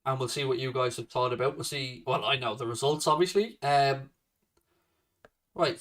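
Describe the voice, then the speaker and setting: A man's voice: medium pitch, fairly bright tone, far from the mic. A man hosting a casual fan livestream, swearing heavily and ranting confrontationally at a viewer. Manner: swears a lot, confrontational rant at a commenter. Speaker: livestream host.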